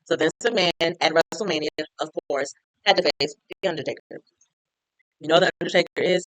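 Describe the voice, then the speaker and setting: A woman's voice: sits low, brisk, a bit bright, no echo, low-quality recording. A woman chatting casually as she recaps a TV episode, retelling scenes with lots of "like". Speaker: TV recap reviewer.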